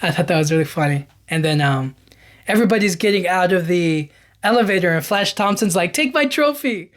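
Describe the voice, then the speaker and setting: A man hosting a podcast, recapping film scenes in a casual, animated way with lots of fillers and restarts. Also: high voice, fairly quick. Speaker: podcast host.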